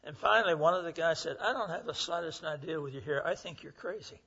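Earnest elderly preacher, husky. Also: male voice, on the high side, quick pace, bright, forceful tone. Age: 80s. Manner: folksy, earnest, acts out quoted voices. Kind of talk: sermon with storytelling. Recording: muffled lo-fi recording.

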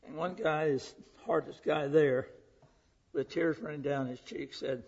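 A man's voice: fairly high pitch, fairly even intonation, a little slow, a little mellow, slightly rough. A man, preaching a folksy, earnest sermon full of stories. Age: 80s. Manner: folksy, earnest, acts out quoted voices. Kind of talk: sermon with storytelling. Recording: muffled lo-fi recording.

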